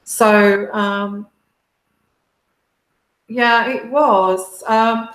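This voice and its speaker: A British woman hosting a tarot livestream, talking halting and heartfelt to her viewers, close to tears. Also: mid-range voice, fairly even intonation, fairly bright tone, reverberant, rough recording. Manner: halting, many restarts and fillers, heartfelt. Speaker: tarot reader and livestream host. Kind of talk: casual livestream talk to viewers.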